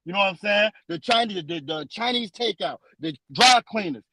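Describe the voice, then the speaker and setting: Emphatic high-voiced man preaching. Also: expressive, bright, forceful tone, no room sound, rough recording. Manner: emphatic and repetitive, restates lines for stress; slows down when reading verses aloud. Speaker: scripture teacher. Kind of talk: preaching-style scripture discussion.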